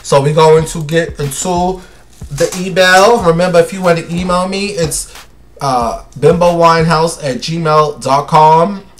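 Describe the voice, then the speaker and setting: A man's voice: on the high side, unhurried. A young man hosting his own show, chatting casually and dramatically, calling listeners honey and baby. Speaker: host. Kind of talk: casual solo chat.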